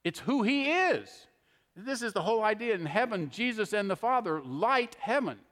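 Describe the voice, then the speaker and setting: A man's voice: high-pitched, big pitch swings, moderate pace, fairly bright tone. A middle-aged man preaching a conversational sermon, often checking in with an "okay?". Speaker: pastor. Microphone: handheld microphone. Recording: long hall reverb.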